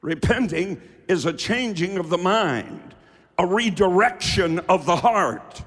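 A man preaches from the pulpit with a fiery, call-and-response delivery. His voice sits high and he takes his time, swinging from low asides to shouted refrains. The sound rings out with the long reverb of a large church hall. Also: expressive, slow, breathy edge. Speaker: pastor. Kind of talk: sermon.

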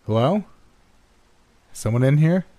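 Brief: man doing an eager, rattled young guy, stammering, deep and dark voice. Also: animated, slightly rough, no echo. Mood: flustered. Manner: stammering, rushed questions.

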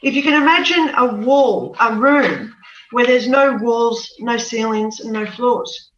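A woman's voice: a little high, measured pace, a bit bright. A woman telling her personal story as an interview guest, earnest and repeating words as she goes. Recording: echoey, distant, dull sound.

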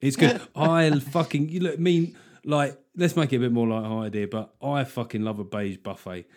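A man hosting a podcast, telling stories in a sweary, jokey, animated way. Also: medium pitch, moderate pace. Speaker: podcast host. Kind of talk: casual comedic chat.

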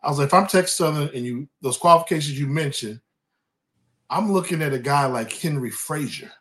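A former college quarterback from California appears as a guest in a casual sports chat, his voice on the high side. He's lively and tends to repeat himself as he starts a thought.

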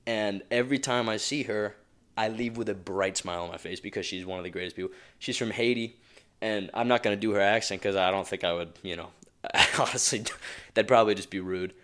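A man's voice: fairly low pitch, a little fast, fairly bright tone. A young man hosting a motivational podcast alone, talking casually and rambling with many asides and chuckles. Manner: rambling and conversational, with frequent asides; chuckles often. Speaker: podcast host.

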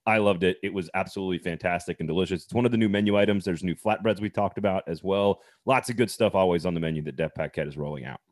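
A man in his thirties from Wisconsin co-hosts a loose podcast conversation. His voice sits a bit low. He jokes, laughs easily and slips into sponsor plugs. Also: fast, hardly any pauses, darkish tone, dry recording, clean studio sound. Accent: slight Wisconsin. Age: 30s. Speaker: podcast host. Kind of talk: casual chat.

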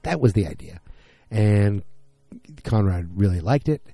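A man's voice: fairly low pitch, expressive, measured pace, gravelly, dark tone, no room sound. A man casually recapping a TV episode in a rambling, conversational way, acting out the characters' lines.

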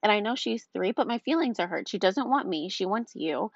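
This vlogger, a young mom of two small children, tells a casual story about her frustrating day, brisk and expressive, with vocal fry in her mid-range voice. Chatty and exasperated, she keeps saying "like" and "um." The sound is dull, dry and lo-fi, with no room sound.

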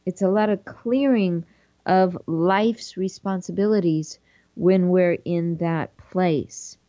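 A woman with a lowish, mellow voice reads from a book and adds her own gentle reflections, taking her time over every phrase. The recording is dry and a little dull and lo-fi. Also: takes it slowly, no room sound. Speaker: podcast host. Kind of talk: reading aloud with reflective commentary.

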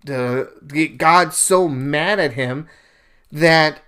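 Young male podcast host, casual storyteller, slightly high-pitched, animated delivery. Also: drawn-out words, clean tone. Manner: animated storyteller, paraphrases scenes in bursts of raised voice. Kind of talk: casual religious commentary monologue.

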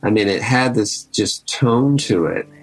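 A man giving relaxed, conversational commentary on archival recordings of old songs. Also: on the low side, a little slow, soft background music, rough recording. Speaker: archival music presenter. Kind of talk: casual spoken commentary between archival song clips.

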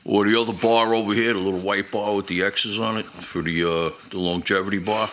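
A man's voice: on the low side, steady tone, brisk, fairly bright tone, slight background noise. A man chatting casually, prompting his friend to tell his old stories. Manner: prompting, egging on the storyteller. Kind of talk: casual chat.

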